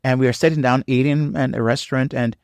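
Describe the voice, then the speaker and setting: A man's voice: mid-range voice, steady tone, fast, vocal fry, darkish tone, dry recording. A married man giving faith-based marriage teaching in an earnest, repetitive way, full of "um" and "you know", with preacher-like emphasis on key phrases. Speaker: podcast co-host on marriage.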